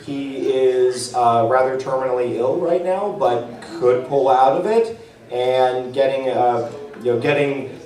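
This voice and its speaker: Speaking at normal speed in a mid-range, slightly mellow voice, a male panel presenter delivers a casual, rambling convention talk to a live audience, with plenty of fillers and restarts. The recording is echoey, with the mic placed far off.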